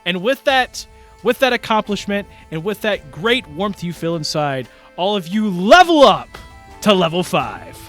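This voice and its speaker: A man narrating a tabletop role-playing game as game master, casual and animated, often laughing. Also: sits high, a little slow, faint music behind.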